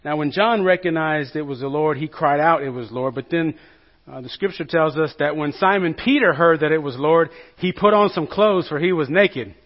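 High-voiced pastor retelling a Bible story. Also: male voice, moderate pace, muffled recording. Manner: storytelling with acted quotes and jokes, swinging loud and soft. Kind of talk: sermon.

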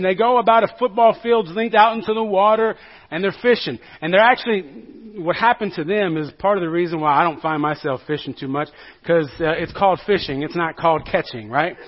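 A male pastor with a fairly high voice delivers a relaxed, joking sermon in a church, tossing questions out to his congregation. The recording sounds dull and lo-fi.

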